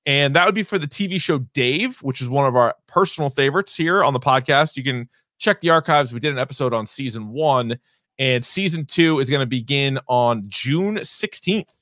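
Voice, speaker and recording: A man's voice: medium pitch, moderate pace, fairly bright tone, no room sound, clean studio sound. A man co-hosting a podcast, rambling through entertainment news in casual chat and swearing now and then. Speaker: podcast co-host.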